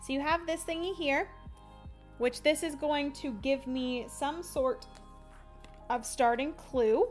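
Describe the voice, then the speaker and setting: Young woman, livestream chat, rambling and giggly, unhurried, faint background music. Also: sits high, fairly even intonation. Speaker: streamer.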